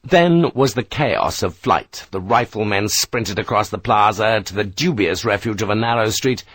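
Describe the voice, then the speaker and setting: A man's voice: lowish voice, expressive, normal speed, fairly bright tone, breathy edge, no room sound. A man narrating a war novel as an audiobook, telling the battle with tense, vivid delivery.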